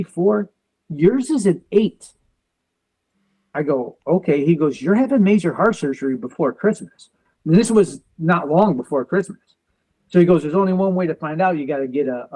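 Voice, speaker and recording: Guest, male, 40s, veteran and police officer, slightly high voice, storyteller who acts out both sides of conversations. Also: a little mellow, rough recording. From United States. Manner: quotes others in quick back-and-forth, uses car comparisons. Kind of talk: animated personal storytelling.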